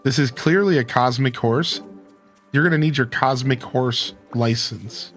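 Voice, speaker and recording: A man's voice: medium pitch, a little slow, fairly bright tone, faint music behind. A man streaming a video game, chatting casually with his viewers and reading game dialogue aloud. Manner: reads game dialogue aloud, sometimes in a put-on Scottish voice. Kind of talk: casual gameplay commentary.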